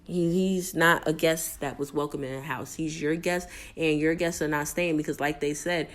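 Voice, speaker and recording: A woman's voice: sits low, fairly even intonation, moderate pace. Blunt, slangy woman ranting. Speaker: reality TV recap vlogger. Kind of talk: casual ranting recap.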